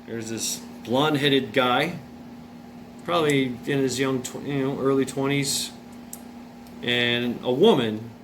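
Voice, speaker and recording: A man at an ordinary pitch tells a personal story in a loose, wandering way. He circles back, repeats phrases and curses without much thought. Behind him an air conditioner hums loudly through the recording. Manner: rambling, repeats himself, many uh's and restarts; blunt, swears freely. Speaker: vlogger. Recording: noisy room with air conditioner hum. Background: air conditioning hum.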